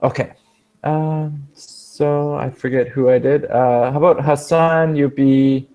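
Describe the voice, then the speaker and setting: A man's voice: mid-range voice, fairly even intonation, slow pace, dark tone. A man teaching an English speaking class, explaining expressions patiently and rephrasing them several times.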